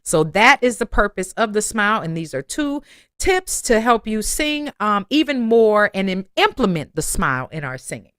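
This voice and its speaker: A woman's voice: mid-range voice, very animated, moderate pace, a bit bright, clear, resonant tone, dry recording, studio quality. A woman voice teacher giving an online singing lesson, encouraging her students and breaking into sung phrases and vocal exercises.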